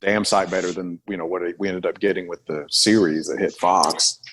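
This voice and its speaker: A man with a fairly low voice chatting on a podcast, animated and quick to mimic what others said. A faint hiss sits under his voice. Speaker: podcast co-host. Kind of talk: casual chat.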